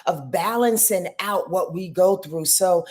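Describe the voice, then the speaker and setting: A woman hosting a casual astrology livestream, greeting viewers by name in a lively, playful and heartfelt spiritual way, on a webcam mic. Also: fairly low pitch, unhurried.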